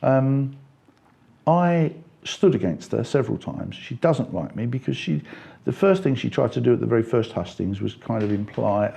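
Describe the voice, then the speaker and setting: A middle-aged man from England, talking politics in an interview, getting animated and climbing in pitch as he makes his points. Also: moderate pace, vocal fry. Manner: animated, rising pitch when making points. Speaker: party member interviewee.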